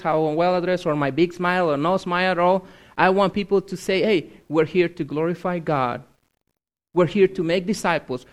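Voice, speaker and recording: Missionary preacher, male, from Mexico, higher voice, earnest and emphatic church sermon. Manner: earnest, emphatic, repeats key phrases.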